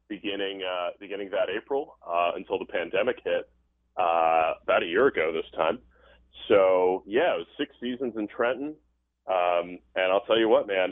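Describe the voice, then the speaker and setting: An upbeat, easygoing man who works as a baseball broadcaster, talking on a tinny phone line. His voice sits a little low. He calls in from a stadium press box, and the sound is dry. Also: dry recording. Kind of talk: casual interview over the phone.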